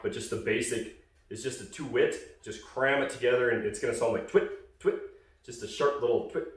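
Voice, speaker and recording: A man's voice: fairly low pitch, heavy reverb, recorded from a distance. A man casually explaining goose calling in a hunting call tutorial, rambling with fillers and restarts.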